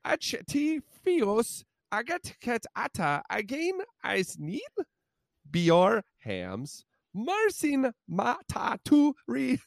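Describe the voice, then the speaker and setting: A man putting on a high, hammy voice to read a comic ad in garbled Irish Gaelic. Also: darkish tone, no room sound, clean studio sound.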